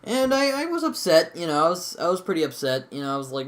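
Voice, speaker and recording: A man's voice: a little high, very animated, fast, fairly bright tone. A young man giving a casual, rambling review of a TV episode, full of fillers and mild swearing. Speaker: show reviewer.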